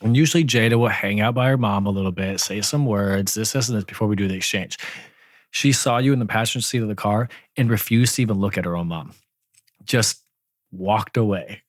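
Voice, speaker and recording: A man's voice: fairly low pitch, a little fast, dry recording, studio quality. A man in his thirties, co-hosting a casual podcast chat, telling stories animatedly and swearing freely. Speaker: podcast co-host.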